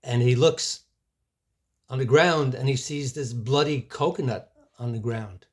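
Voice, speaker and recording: A man preaching, telling an illustration story at an unhurried pace, with asides and small restarts. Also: medium pitch, a little mellow.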